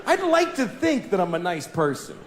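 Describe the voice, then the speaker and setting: Ranting high-voiced male stand-up comedian. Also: huge pitch swings, moderate pace. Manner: exasperated self-mocking rant, bursts into yelling. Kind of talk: stand-up routine. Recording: echoey room with loud ambient noise.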